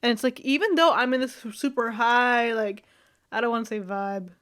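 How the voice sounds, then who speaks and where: A woman's voice: on the high side, moderate pace, fairly bright tone. A young woman vlogging in a loose, rambling chat, full of fillers, easy laughs and casual swearing.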